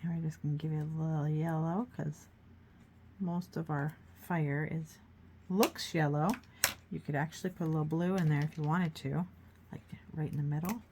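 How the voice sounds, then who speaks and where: A woman with a slightly low voice talks her way through a relaxed painting demonstration. She chats and thinks aloud, coaxing viewers to try it themselves. A faint hiss sits under her voice. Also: moderate pace. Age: adult, grown child of a mother who paints. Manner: chatty, encouraging, thinking aloud while working. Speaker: art tutorial host.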